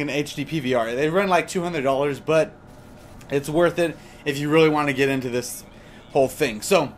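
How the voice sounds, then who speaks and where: Young male gaming commentator, slightly high voice, loose and rambling, faint hiss behind him. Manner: rambling and chatty, with many fillers. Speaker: gaming commentator answering viewer questions. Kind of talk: casual gameplay commentary chat. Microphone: desktop USB microphone.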